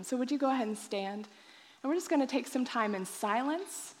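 A woman pastor telling a personal testimony in a sermon, acting out her own past thoughts with animated storytelling. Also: high voice, fairly quick, long reverb tail.

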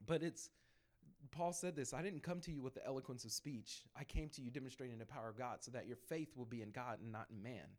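A man telling personal evangelism stories to a church group in a lively, conversational way, acting out the people he quotes. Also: mid-range voice, quick pace. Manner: animated storytelling, acts out quoted voices. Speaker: church speaker sharing testimony.

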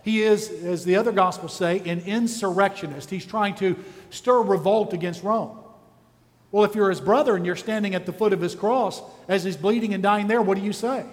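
An intense male preacher delivering a sermon with a high voice. He drives his points home with one rhetorical question after another. The sound carries a long reverb from a large church hall. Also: moderate pace. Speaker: pastor.

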